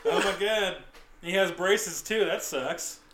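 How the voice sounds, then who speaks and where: A man's voice: high voice, slow pace. A man co-hosting a podcast, talking in casual crude banter, mocking and often laughing. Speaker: podcast co-host. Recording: echoey room with noise.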